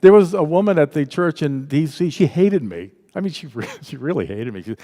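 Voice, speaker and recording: A man leading an interactive spiritual workshop at a church, talking in a lively, conversational way and acting out the voices he quotes. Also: fairly high pitch, a little fast, hardly any pauses. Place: church hall. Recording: echoey hall with long reverb.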